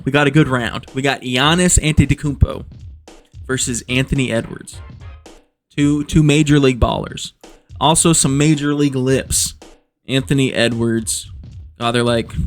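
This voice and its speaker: Dude vlogging jokes, rambly and swearing a lot, mid-pitched voice, faint music behind. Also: male voice. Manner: rambling, profane, self-amused. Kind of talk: joking casual commentary.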